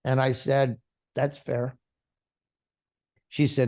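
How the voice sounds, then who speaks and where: A man's voice: fairly low pitch, steady tone, measured pace, vocal fry, a little mellow. A male pastor giving a testimony to a congregation, retelling a story and acting out the dialogue.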